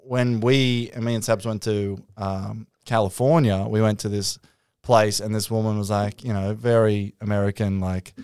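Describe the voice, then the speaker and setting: A man's voice: lowish voice, moderate pace, clear, resonant tone, no echo, studio quality. An Australian man co-hosting a podcast, chatting casually and telling stories with a loose, swearing manner. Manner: swears freely, animated storytelling. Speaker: podcast co-host.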